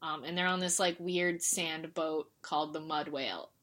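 Bright-voiced woman chatting. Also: sits low, moderate pace. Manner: animated storytelling, acts out characters with laughs. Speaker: podcast co-host. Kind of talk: casual chat.

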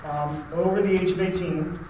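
A man joking deadpan in casual chat, recorded far off in a very echoey room. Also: a little high, normal speed, slight background noise.

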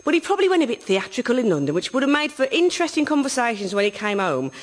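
A woman with a Black Country accent, tart and bossy in a scripted radio comedy. Her pitch is a bit high and she moves through it in a lively way. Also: rapid-fire. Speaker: comedy performer.

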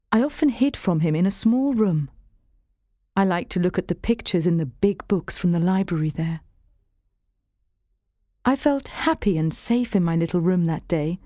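A woman reading a storybook aloud in a steady, clear first-person voice. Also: on the low side, no room sound, clean studio sound. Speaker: narrator. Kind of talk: scripted storybook narration.

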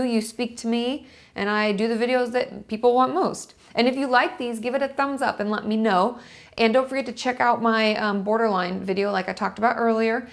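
A woman's voice: fairly high pitch, vocal fry. A woman talking casually to her camera, explaining step by step and checking her notes as she goes. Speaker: vlogger. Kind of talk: casual teaching monologue to camera.

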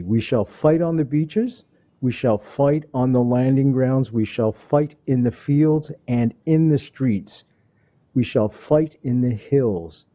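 A defiant old wartime statesman in a put-on English accent, as a man does an impression of him. He declaims each line slowly and steadily, with a dark, deep timbre. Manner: slow, declaiming speech delivery. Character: wartime British prime minister impression, older, defiant orator.

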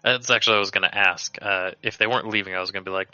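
Man with a very bright, smooth voice. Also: on the low side, steady tone, rapid-fire, no echo, faint music behind. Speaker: player. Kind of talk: casual tabletop game chat. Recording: dull lo-fi online call audio.

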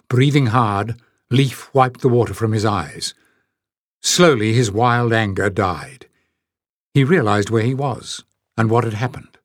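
A man narrating a fantasy audiobook in a steady, expressive storytelling manner. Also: lowish voice, measured pace, no echo, clean studio sound. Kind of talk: scripted narration.

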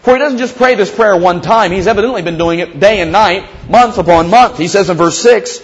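Higher-voiced male pastor preaching conversationally. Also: fairly quick, hardly any pauses, lo-fi sound. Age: young adult or middle-aged father. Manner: conversational preaching that slips into acted quotes of prayers. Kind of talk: sermon.

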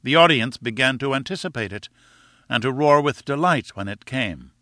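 Man reading an audiobook, bright crisp tone, dry close sound. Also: mid-range voice, no room sound. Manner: measured, expressive storytelling. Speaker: audiobook narrator. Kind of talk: scripted narration.

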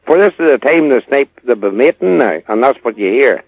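A man's voice: medium pitch, lively intonation, fairly quick, slightly rough, dry recording, dull audio. Folksy older man. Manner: rambling, folksy, sure of himself. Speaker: rural guest answering listener questions. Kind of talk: casual radio chat.

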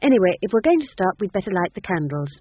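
A narrator voicing a young, nervous, earnest female witch in an audiobook, raising the voice high and pleading, over a tinny, phone-like line. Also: big pitch swings, fast, husky, dry recording. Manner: pleading, defensive, higher voice.

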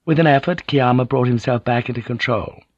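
A man narrating an audiobook in a measured, even storytelling manner. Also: mid-range voice, no room sound, muffled recording.

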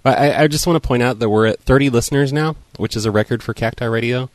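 A man's voice: medium pitch, quick pace, dry recording. A man hosting an internet radio chat show, laid-back and joking. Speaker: show host.

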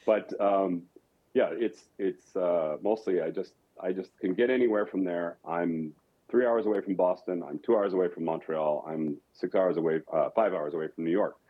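Low husky man. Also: moderate pace. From rural Colorado, USA. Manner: reflective, explanatory. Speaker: opera singer, guest. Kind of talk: casual interview talk. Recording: dull lo-fi audio.

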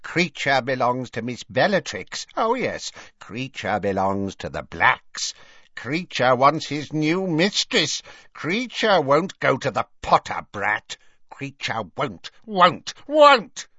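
A man voicing a spiteful old male house elf with a croaking voice, in a dry, slightly dull recording. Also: mid-range voice, huge pitch swings, takes it slowly, pushed and bright, no echo, pitched above the performer's own voice, exaggerated voice. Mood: stubborn. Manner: stubborn, repetitive chanting.

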